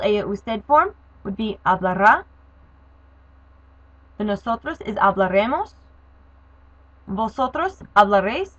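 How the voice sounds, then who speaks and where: A Spanish teacher with a middling, slightly bright voice works through a grammar lesson, explaining methodically and spelling endings out one letter at a time. The recording is dull, lo-fi, dry and close, with no room sound.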